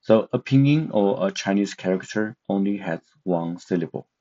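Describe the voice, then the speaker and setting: A man's voice: low voice, expressive, normal speed, mellow. A man teaching an online language lesson, speaking with many hesitant filler sounds. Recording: dull lo-fi sound.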